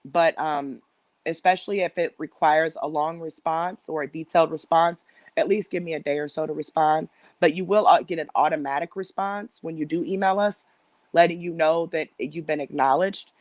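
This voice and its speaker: A woman's voice: low voice, fairly even intonation, moderate pace, dry recording. A woman hosting a casual live stream from home on her phone, rambling and chatting directly with her viewers. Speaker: livestream host.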